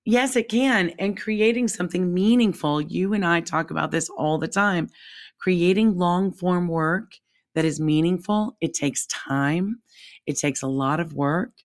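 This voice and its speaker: Low-voiced woman co-hosting a chat. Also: unhurried. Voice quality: calls her own voice squeaky. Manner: reflective, animated, jumps in pitch when emphatic. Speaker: podcast co-host. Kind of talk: casual chat.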